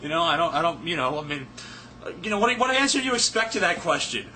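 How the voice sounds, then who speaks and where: A man's voice: on the high side, very animated, fast, sharp tone, a little hiss or hum. A man ranting profanely and sarcastically to camera as he answers viewer questions, rambling and a little drunk. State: tipsy, not sober. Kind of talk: casual rant to camera.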